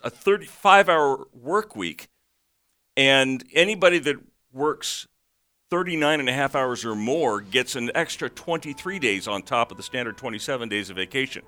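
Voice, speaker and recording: A man's voice: medium pitch, very animated, measured pace, sharp tone. A man co-hosting a talk radio show, explaining news stories with opinionated context. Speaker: radio co-host.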